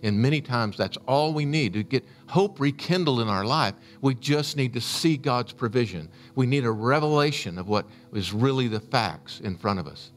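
A man's voice: medium pitch, expressive, normal speed, hardly any pauses. A man preaching a sermon, retelling a scripture story in an earnest, storytelling way. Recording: faint music underneath.

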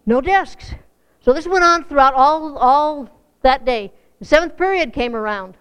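A woman's voice: sits high, animated, measured pace, a bit bright. A woman preaching a folksy, earnest sermon to a congregation, rising to fervent emphasis. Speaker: church speaker.

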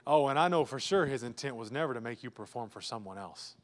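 A man preaching a sermon as pastor, emphatic and repetitive, swinging between loud urging and hushed, low lines. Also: expressive, fast talker, long reverb tail. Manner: emphatic, repetitive preaching with sudden drops to a hush.

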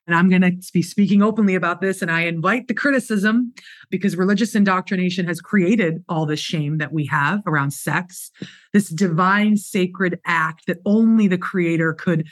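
A woman's voice: fairly low pitch, normal speed. A woman hosting a podcast, affirming her guest and speaking on spirituality. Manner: warm affirming, spiritual vocabulary. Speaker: podcast host. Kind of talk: conversational interview talk.

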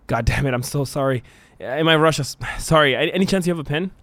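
A man voicing an obsessive male fan turned killer, stammering and fake-nervous at first, then shouting frantically. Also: on the high side, quick pace, no room sound, voice pushed up.

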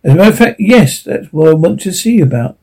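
A man's voice: sits high, expressive, fast talker, vocal fry, mellow, exaggerated voice, low-quality recording. A man voicing a heartbroken young man who speaks harshly and tonelessly in an audiobook reading. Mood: weary.

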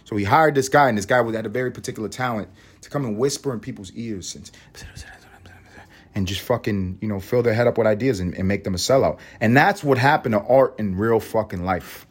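A man hosting a solo podcast, ranting and rambling in a profane, animated way. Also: lowish voice, a little fast, slightly rough. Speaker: podcast host.

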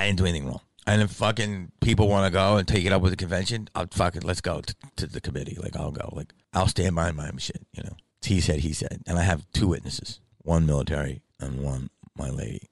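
Podcast host, middle-aged man, very low gravelly voice, loose profane storyteller. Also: fast, no room sound. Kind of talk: casual monologue.

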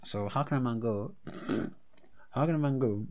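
A young man, telling a long story as a podcast co-host, animated and full of slang, acting out what people said. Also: unhurried. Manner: animated, slangy, acts out quotes with big pitch jumps. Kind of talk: casual storytelling chat.

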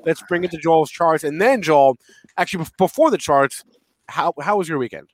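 A man's voice: fairly high pitch, brisk, no room sound. A man with a cold giving a nasally voice, hosting a casual morning market show and running through the day's topics. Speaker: podcast host.

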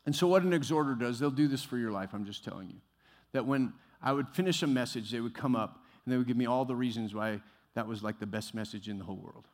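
A male pastor preaching a sermon, shifting from quiet musing to loud exhortation and acting out the voices he quotes. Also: mid-range voice, quick pace, few pauses. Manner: acts out quoted voices, laughs at himself. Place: church sanctuary. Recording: long hall reverb.

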